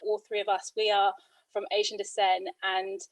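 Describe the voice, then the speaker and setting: Woman, British accent, mid-pitched voice, earnest, lots of fillers, dry recording. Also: little pitch movement, normal speed, no room sound, rough recording. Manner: earnest, filler-heavy with "you know". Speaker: guest. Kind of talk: casual discussion.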